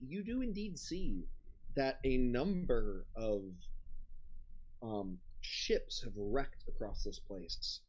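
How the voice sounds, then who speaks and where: A game master narrating a live tabletop adventure at a slow, easy pace. The delivery is relaxed, dotted with ums and little pauses while describing the scene. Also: mid-range voice, poor audio.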